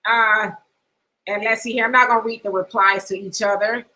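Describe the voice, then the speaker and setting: A middle-aged woman hosts a livestream in a low-quality recording, her medium-pitched, sharp voice fairly even in intonation at a normal speed. She casually reads viewer comments aloud and laughs often between asides.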